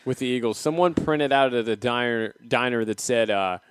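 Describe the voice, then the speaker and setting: A man's voice: medium pitch, normal speed, clear, resonant tone, no echo. A man co-hosting a casual podcast, telling an anecdote in a hesitant, defensive way. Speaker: podcast co-host.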